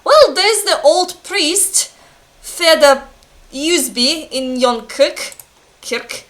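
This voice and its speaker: A woman voicing a gruff, aggrieved male village blacksmith in an attempted Scottish accent, spoken slowly. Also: high voice, expressive, fairly bright tone, pitched above the performer's own voice, heavily acted. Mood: grumbling.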